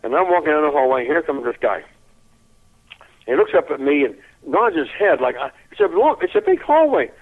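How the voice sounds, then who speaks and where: An older man telling a lively anecdote in an interview, chuckling often and repeating his words as he goes. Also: a little high, brisk, husky. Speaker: interview guest. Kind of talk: anecdotal storytelling. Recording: tinny phone-like line.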